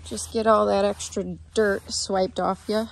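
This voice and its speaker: A woman's voice: medium pitch, level tone, a little slow, vocal fry. A woman talking casually while grooming her horse, chatting to the camera and cooing to the horse between tips. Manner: chatty, talks baby talk to her horse. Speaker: horse riding vlogger. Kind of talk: casual vlog narration. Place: outdoors at a horse barn.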